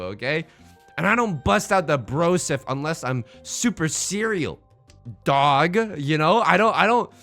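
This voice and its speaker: Male let's-play host, bright and animated delivery, jokey meme banter, faint music underneath. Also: fairly high pitch, measured pace. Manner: excitable, joking, meme-heavy banter. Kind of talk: live gameplay commentary.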